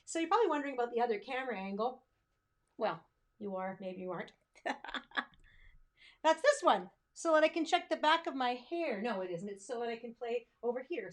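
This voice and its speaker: A woman's voice: a little high, lively intonation, fairly quick, long pauses. A woman hosting a music livestream, chatting and joking directly with her viewers between songs. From Canada. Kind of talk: casual chat between songs. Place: home livestream setup, in front of cameras.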